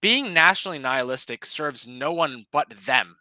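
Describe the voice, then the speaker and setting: Male guest, earnest and steady, bright edge to the voice, dry close recording. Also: on the high side, moderate pace, no echo, low-quality recording. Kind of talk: casual political chat.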